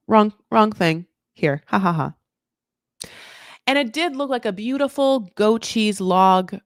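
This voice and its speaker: A woman hosting a casual TV recap, rambling with sarcastic, animated asides. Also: mid-range voice, no room sound, clean studio sound. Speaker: recap host.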